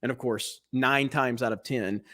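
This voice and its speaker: A man's voice: mid-range voice, fairly even intonation, a little slow, sharp tone. A man in his forties, a podcast co-host, telling rambling, profane stories in casual chat. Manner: profane, rambling storyteller with laughs.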